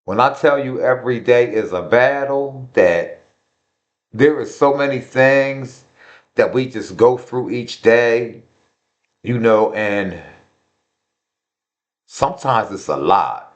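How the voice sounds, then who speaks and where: A man's voice: medium pitch, expressive, takes it slowly, long pauses, highs cut off. A man speaking frankly and earnestly to his viewers in a casual vlog, repeating himself for emphasis and using slang. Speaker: vlogger. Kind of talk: heartfelt casual talk to viewers.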